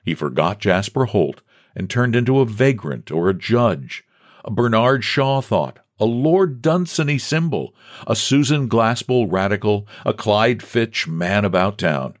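A man narrating a novel aloud in a scripted storytelling style, with expressive, varied delivery. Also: fairly low pitch, unhurried. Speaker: audiobook narrator.

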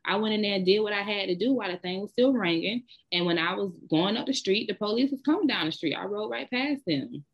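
A woman's voice: medium pitch, animated, quick pace, hardly any pauses, breathy edge, highs cut off. A woman with a Southern US accent, co-hosting a casual chat and telling bold, blunt stories. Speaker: podcast co-host.

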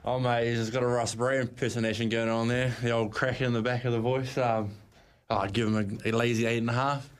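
A man with a New Zealand accent, a darts player speaking as a studio guest in a relaxed, casual radio interview. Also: mid-range voice, fairly quick, clean tone. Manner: relaxed, laid-back, says mate.

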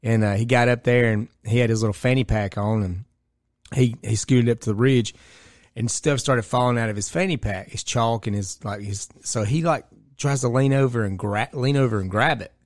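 A roofing contractor telling rowdy stories with swearing in a casual podcast chat. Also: male voice, medium pitch, moderate pace, a little mellow, no room sound, studio quality. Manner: storytelling with laughs and cursing.

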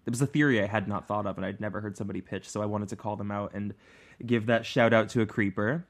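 Casual male podcast host, lowish voice, loose and chatty. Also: steady tone, quick pace. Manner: chatty, fillers, laughs easily.

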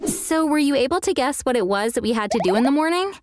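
A young woman with a slightly high voice tells a scripted first-person story. She reads in an earnest way and gives the quoted lines a little acting. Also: animated, fast talker, darkish tone, soft background music.

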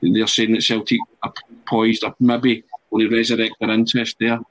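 A man's voice: lowish voice, monotone, moderate pace, no echo, poor audio. A man hosting a football podcast, chatting and handing questions to his panelists. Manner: conversational, hands questions to panelists. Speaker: podcast host. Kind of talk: casual football podcast chat.

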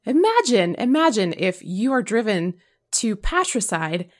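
A woman co-hosting a casual podcast discussion, talking in an emotional, expressive way. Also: medium pitch, measured pace. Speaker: podcast co-host. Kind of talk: casual chat.

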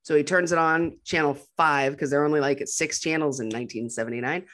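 Woman, lower voice, podcast co-host, dry humor, animated retelling. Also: quick pace. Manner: wry, animated retelling with acted-out quotes. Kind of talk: casual movie recap chat.

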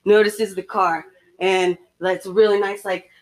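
A woman's voice: medium pitch, measured pace. Young woman telling a gory story. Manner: graphic, animated horror storytelling with lots of "like" and "you know". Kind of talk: casual storytelling among friends.

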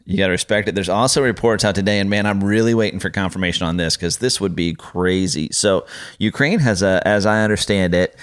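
With a low, smooth voice, a man co-hosts a podcast in casual conversation, rambling and often using fillers and restarting. The recording is studio quality, with no room sound.

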